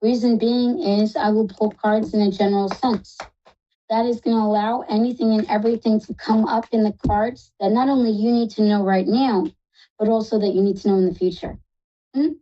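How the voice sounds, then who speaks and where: A woman's voice: medium pitch, steady tone, brisk, dark tone, lo-fi sound. A woman reading tarot cards for a caller on a live call-in show, chatty and reassuring, calling the caller "love". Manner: reassuring, chatty, uses endearments. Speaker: psychic reader.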